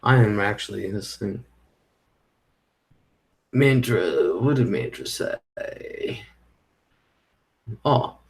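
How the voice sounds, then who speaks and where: In a lowish, sing-song voice with vocal fry, drawn-out words, and long pauses, a middle-aged man rambles through a casual live stream. He chats with viewers, reads their comments, and swears whenever he gets annoyed.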